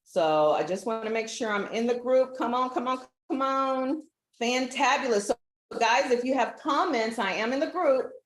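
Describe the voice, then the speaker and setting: A woman's voice: on the high side, normal speed. Chatty woman live-streaming in an echoey room. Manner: chatty, laughing, easily sidetracked. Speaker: livestream host. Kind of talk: casual live stream chat. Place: relative's house.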